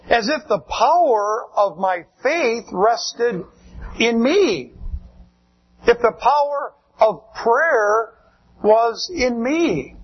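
A male pastor preaching a sermon in a slow, measured way, drawing out words for emphasis. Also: high voice, expressive, slightly rough, dull audio.

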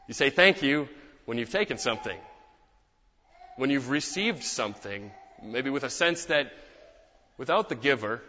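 A man preaching a sermon as pastor, in a measured, gentle way with reflective pauses. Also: mid-range voice. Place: church. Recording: dull sound with long hall reverb.

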